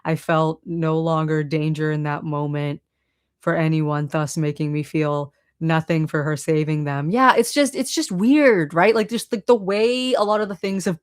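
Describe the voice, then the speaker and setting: A woman with a Boston accent chatting casually on a live stream, reading and answering chat with lots of fillers. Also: deep voice. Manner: chatty, many fillers, laughs often.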